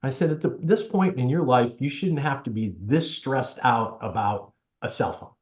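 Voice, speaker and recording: A man's voice: medium pitch, normal speed. A man chats easily as an interview guest, telling anecdotes and slipping into the voices of people he quotes. The sound is somewhat dull and carries the echo of a roomy space. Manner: chatty, animated storyteller, acts out quotes. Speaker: tech helper for seniors, guest. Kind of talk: casual storytelling interview.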